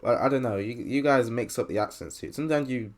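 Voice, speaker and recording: A man's voice: medium pitch, fast. A young English man in casual podcast chat, laughing often and poking fun at himself. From England. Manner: laughs often, self-deprecating. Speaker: podcast co-host.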